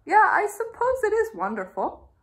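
A woman's voice: very high-pitched, huge pitch swings, moderate pace, pitched above the performer's own voice, exaggerated voice. A modest, anxious square shape frets over his work in a hesitant, worried voice, as a woman reading a storybook puts him on. His lines rise and dip unevenly. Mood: fretting. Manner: hesitant, fretting, quieter.

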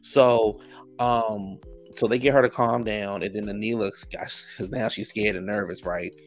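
A man's voice: steady tone, normal speed, faint music behind. A man casually recapping a reality TV episode in a sassy, profane, gossipy way. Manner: acts out quotes in higher voices.

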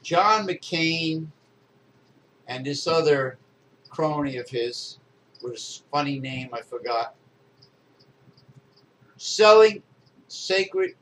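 A middle-aged man co-hosts a casual political chat, ranting angrily and swearing, with many uh's and restarts. His voice sits a little high for a man, and there is faint hiss under the recording. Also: fairly bright tone, poor audio. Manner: angry profane ranting with many fillers. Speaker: podcast co-host.

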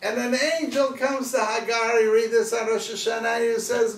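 A man's voice: very high voice, fairly even intonation, a little fast, vocal fry, hardly any pauses. A man, a rabbi, giving a sermon, emphatic and repeating rhetorical questions. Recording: roomy distant recording, faint noise.

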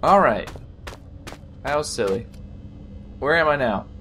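A man's voice: mid-range voice, lively intonation, measured pace, fairly bright tone, a little hiss or hum. A man commenting on a horror game he is playing, frustrated and sarcastic and swearing often. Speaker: gaming video host. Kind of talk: let's play commentary. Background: game music.

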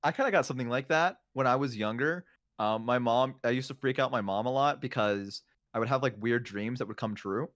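A man's voice: medium pitch, a little fast, a bit bright, no echo, studio quality. A young man chatting casually and telling stories, rambling with lots of fillers. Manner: rambling, many fillers and restarts. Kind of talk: casual chat, storytelling.

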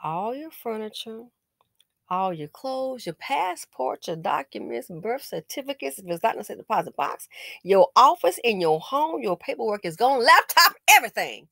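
A woman talks through a news story in a casual, indignant way, scolding and tossing out sarcastic exclamations. Her pitch swings widely from low mutters to high whoops. The recording is dry, with no room sound. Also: big pitch swings, moderate pace, vocal fry, a bit bright, no room sound. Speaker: commentator.

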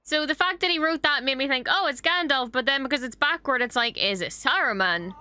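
A woman's voice: sits high, a little fast, sharp tone, no room sound. A young woman hosting a reaction video, chatting casually and expressively, swearing often and gushing over what she watches.

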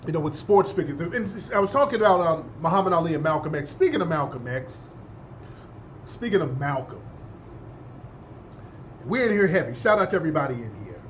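A man's voice: a little high, lively intonation, fairly quick, pauses often, fairly bright tone, a little hiss or hum. A man hosting a talk show, delivering an emphatic monologue and often checking in with listeners. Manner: emphatic, repeats points and asks listeners "yeah?". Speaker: host.

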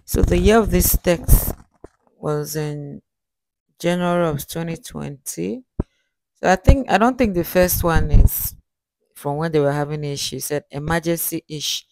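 A host reads text messages aloud at a middle pitch and comments on them. The sound is dry and close, with no room around it. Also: unhurried, darkish tone, no room sound.

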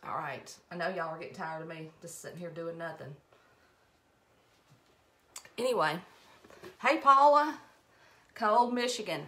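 Demonstrating a craft project live, a middle-aged Alabama woman with a Southern accent talks in a lowish, pushed, bright voice. She's a little slow and pauses often, chatty and rambling as she greets viewers and laughs at herself in her role as live-stream host.

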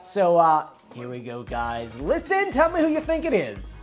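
A woman's voice: lowish voice, huge pitch swings, normal speed, over loud music. A woman hosting her channel, explaining in a casual, enthusiastic, chatty way. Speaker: channel host.

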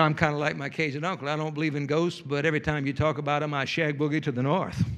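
A man's voice: fairly high pitch, fairly bright tone. A male pastor, preaching a sermon and telling a folksy, humorous story with playful asides.

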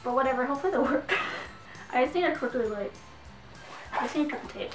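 A young woman, chatting excitedly through an unboxing vlog, giggling and saying "like" a lot. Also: sits high, quick pace, recorded from a distance. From Canada. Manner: excitable and giggly, heavy use of "like". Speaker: vlogger. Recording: echoey room, voice off-mic, faint music.

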